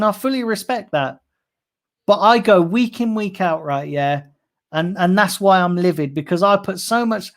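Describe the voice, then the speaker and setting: A man hosting a fan livestream, ranting angrily and swearing a lot while reading out chat messages. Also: high voice. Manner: angry, heavily swearing, repetitive ranting. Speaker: fan channel host.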